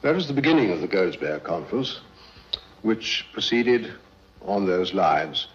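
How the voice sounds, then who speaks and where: A man, a diplomat, recounting past events in an interview with a low-key, hesitant way of telling the story. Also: very animated, normal speed. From Britain. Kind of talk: archival interview recollection. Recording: dull lo-fi archival interview.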